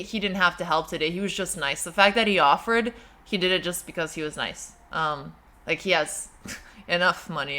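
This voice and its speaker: A young woman hosting a livestream, reading viewer messages and chatting casually in a self-deprecating way, quick to laugh. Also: medium pitch, bright, forceful tone. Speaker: livestream host.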